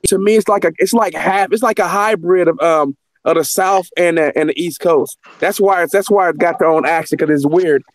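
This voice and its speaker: A man's voice: on the high side, fairly quick, few pauses, no room sound. A man hosting a casual chat. He talks emphatically and repeats phrases as he builds his point. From Northern California. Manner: animated, repeats himself, emphatic. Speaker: host.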